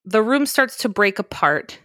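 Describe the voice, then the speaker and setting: A woman's voice: mid-range voice, sing-song, a little slow, pushed and bright, dry recording, clean studio sound. A woman casually recapping a film on a podcast, telling it with energy, swearing freely and acting out the characters in funny voices. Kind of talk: casual chat.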